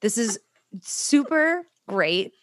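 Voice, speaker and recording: A woman hosting a podcast in an animated, chatty way, full of fillers. Her pitch swings widely as she tells stories. The sound is dry and close to the mic. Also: slow, no room sound. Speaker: podcast host. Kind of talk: casual chat.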